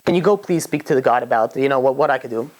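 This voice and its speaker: A man's voice: medium pitch, rapid-fire, a little mellow, natural voice. A man telling a story, voicing a hungry talking bear that asks for a favor. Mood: pleading. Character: starving skinny talking bear, desperate.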